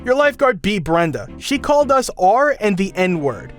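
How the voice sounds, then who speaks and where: A woman's voice: medium pitch, sing-song, moderate pace, faint music behind, pitched above the performer's own voice, lightly acted. A man voicing an angry mother confronting park staff, indignant and accusing.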